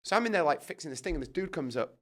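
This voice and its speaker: A middle-aged British man telling a story in casual chat, animated and swearing, acting out his own reactions. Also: a little high, rapid-fire. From Britain. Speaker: guest.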